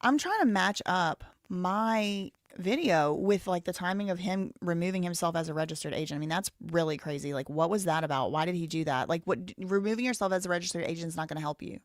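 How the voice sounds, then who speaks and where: A woman's voice: lowish voice, fast talker, hardly any pauses, no room sound, studio quality. A woman in her thirties hosting a live stream, rambling casually and thinking aloud with lots of "like" fillers. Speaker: livestream host.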